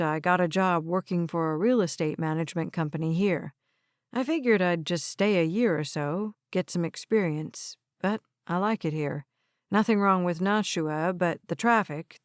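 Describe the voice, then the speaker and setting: A woman's voice: fairly low pitch, clear, resonant tone, no echo, close to an everyday voice. A woman voicing a friendly, slightly bashful young man in an audiobook, recorded dry.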